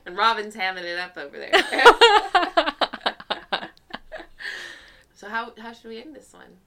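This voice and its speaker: A woman's voice: on the high side, big pitch swings, slow, crowd noise. A Southern woman co-hosting a podcast, rambling and laughing often while she has a cold. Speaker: podcast co-host. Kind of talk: casual chat.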